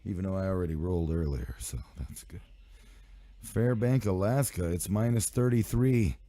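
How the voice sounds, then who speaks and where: A man's voice: sits low, normal speed, warm tone, no echo. A man hosting a live radio show in loose, rambling, profane banter, his voice sick. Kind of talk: casual live stream and radio chat.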